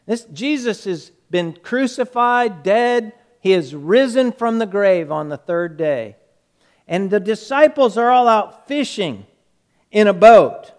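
A male preacher retelling a story in a sermon, emphatic, repeating words and dropping quiet. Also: high voice, expressive, slow pace.

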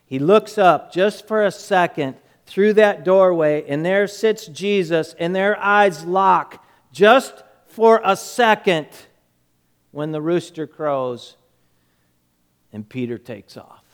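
Slow, emphatic, high-voiced male preacher. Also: clean tone. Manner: emphatic, repeats words, drops to quiet. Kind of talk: sermon storytelling.

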